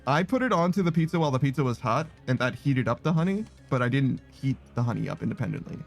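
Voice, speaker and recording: A man's voice: mid-range voice, expressive, quick pace, creaky. Casual male streamer, easygoing and chatty, faint music underneath. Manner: laid-back, rambling, laughs often. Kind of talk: casual chat reading out chat messages.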